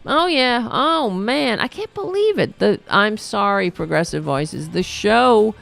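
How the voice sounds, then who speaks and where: A woman's voice: mid-range voice, sing-song, a little slow, gravelly, a bit bright. A woman hosting her own podcast, ranting about politics in a sarcastic, profane, mocking way. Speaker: podcast host. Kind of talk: political commentary rant.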